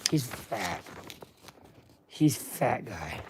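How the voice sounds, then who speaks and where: A man's voice: medium pitch, big pitch swings, drawn-out words, slight background noise. A man chatting casually on a live stream, reading a comic aloud and breaking off for asides to viewers.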